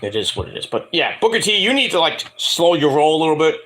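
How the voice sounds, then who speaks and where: A man's voice: fairly high pitch, sing-song, quick pace, bright, forceful tone. A man giving a casual review vlog, rambling and swearing, mocking people as he goes. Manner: rambling, profane, mocking rants. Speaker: wrestling show reviewer.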